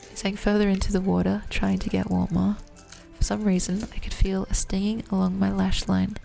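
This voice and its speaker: A woman reading first-person romance fiction aloud in an even, low-key way. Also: a little fast, creaky, faint music behind. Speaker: reader.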